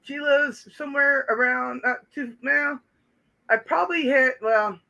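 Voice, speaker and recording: A woman's voice: high-pitched, steady tone, a little slow, creaky, pushed and bright, muffled recording. A woman co-hosting a casual live stream from a garage workshop, giggly and playful. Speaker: co-host.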